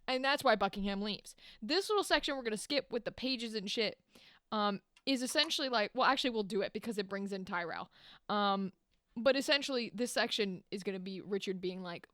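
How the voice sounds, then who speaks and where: A woman podcast host retelling a play in a casual, profane, animated way. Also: medium pitch, brisk, dry recording, studio quality. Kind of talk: casual chat.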